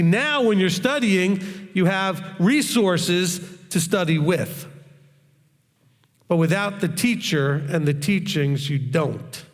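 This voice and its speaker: A man's voice: on the high side, gravelly. A man teaching in a Q&A session, talking in a hard, straightforward and blunt way. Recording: long reverb, echoey hall.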